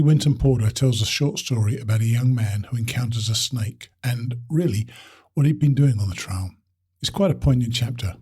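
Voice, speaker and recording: Husky-voiced male podcast host. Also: mid-range voice, a little mellow. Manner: chatty, laughs often. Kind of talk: casual podcast interview.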